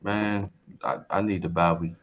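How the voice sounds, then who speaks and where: A man's voice: deep voice, steady tone, moderate pace, fairly bright tone. A man co-hosting a post-game sports talk show, grumbling and fed up with his team. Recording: dull lo-fi sound.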